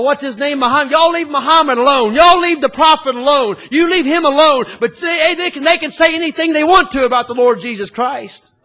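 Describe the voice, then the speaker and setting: Male preacher, sharp high tenor, fiery folksy sermon. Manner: folksy storytelling that rises to fiery shouting.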